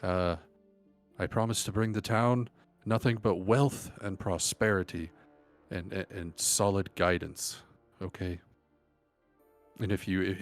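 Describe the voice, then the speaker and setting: A man playing his character in a tabletop game, stammering and hesitant. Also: fairly low pitch. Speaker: player. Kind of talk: in-character role-play.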